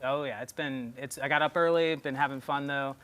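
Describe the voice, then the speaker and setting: A man's voice: medium pitch, steady tone, fairly quick, fairly bright tone. A man from Southwest Virginia, a guest co-host from a science center, chatting in a playful, self-deprecating way. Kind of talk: casual morning TV chat.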